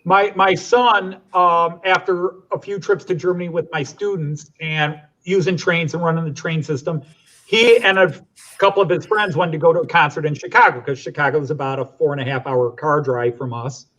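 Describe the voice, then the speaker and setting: A man's voice: on the high side, fairly even intonation, normal speed, fairly bright tone, lo-fi sound. A middle-aged man, a teacher, chatting and explaining at length as a guest on a casual stream. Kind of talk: casual storytelling.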